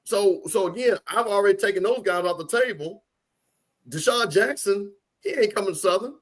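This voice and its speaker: A man's voice: high-pitched, animated, moderate pace. A man co-hosting a casual sports talk show, making his points emphatically and repeating them for stress. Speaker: co-host.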